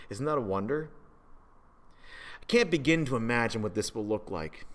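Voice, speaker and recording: A man preaching a sermon. He rises to loud, emphatic peaks and drops to hushed, slow phrases. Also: fairly high pitch, lively intonation. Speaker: pastor.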